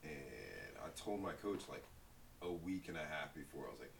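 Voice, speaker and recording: A man's voice: a bass voice, big pitch swings, normal speed, creaky. A young man from Brooklyn, a podcast guest, telling stories in a laid-back, laughing way. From Brooklyn, USA. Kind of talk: casual chat. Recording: distant mic with faint hiss.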